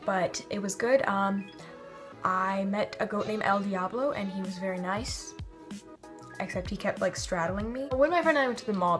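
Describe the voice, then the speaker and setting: A young woman tells stories in a casual vlog, rambling and stopping herself to act out what people said. Her voice sits in an ordinary middle pitch. Faint music plays behind her. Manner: rambling, self-interrupting, acts out quotes. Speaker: vlogger.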